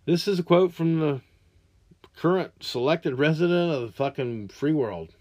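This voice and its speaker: A man's voice: on the high side, lively intonation, normal speed, darkish tone, dull audio. Profane ranting man. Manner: crude, angry, ranting with heavy swearing. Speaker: podcast host. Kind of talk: profane rant monologue.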